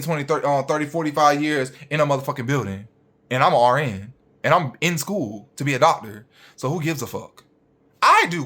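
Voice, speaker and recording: A young man with a fairly high voice rants at his viewers as a registered nurse. He is blunt and confrontational and swears freely as he talks straight at them. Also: bright, forceful tone. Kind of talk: blunt ranting monologue to viewers.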